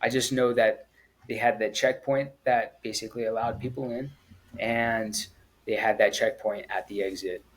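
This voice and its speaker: A man, a former Marine, telling his story in an interview in a halting, earnest way, with frequent pauses and restarts. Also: fairly low pitch, steady tone, poor audio. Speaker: guest, former Marine at the Kabul airport evacuation.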